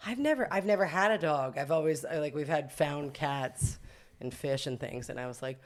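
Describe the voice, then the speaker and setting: A woman's voice: sits low, moderate pace. A middle-aged woman, a boutique owner and podcast guest, telling stories in a chatty, self-mocking way and laughing often. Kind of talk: casual interview storytelling.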